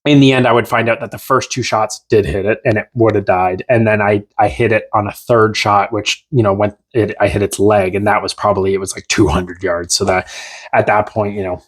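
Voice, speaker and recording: A man from Newfoundland talks through a story on a podcast, with a somewhat low voice. He rambles and restarts, animated and casual. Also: fairly quick. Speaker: podcast guest.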